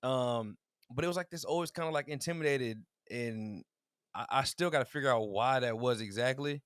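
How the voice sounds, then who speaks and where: Laughing often, a podcast co-host tells animated stories in casual chat and acts out the quotes within them. His voice is mid-range and smooth at a moderate pace, in a studio-quality recording with no room sound.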